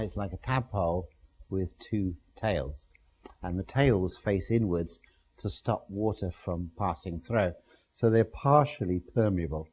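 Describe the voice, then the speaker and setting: A man lectures a class in a low, husky voice, walking listeners through slides step by step. His tone is dark and mellow, and he explains with plain everyday comparisons. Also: rough recording.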